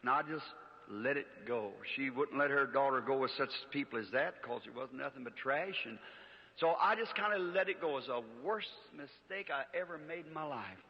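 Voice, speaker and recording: A man, preaching a folksy, animated sermon and acting out the voices of the people in his story. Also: medium pitch, normal speed. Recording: muffled old recording in a large hall.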